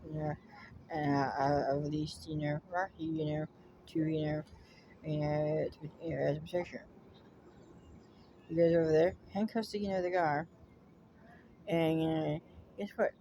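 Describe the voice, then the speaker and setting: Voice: medium pitch, flat delivery. Rambling storyteller, "you know" every breath. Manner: halting, constantly saying "you know", many restarts. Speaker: dog owner telling a personal story. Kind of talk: casual rambling anecdote. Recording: clear background noise and ambience.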